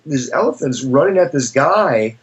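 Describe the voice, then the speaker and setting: Heard through dull audio, a male professor with a medium-pitched voice that swings widely in pitch speaks at normal speed. Thoughtful and searching, he works through philosophy in an interview, frequently restarting and drifting into illustrative stories.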